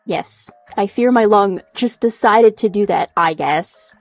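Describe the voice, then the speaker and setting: A young woman streaming from home in casual chat, animated, swearing a lot and laughing often as she reacts to chat. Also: mid-range voice, a little slow, few pauses, no echo, faint music behind. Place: home room.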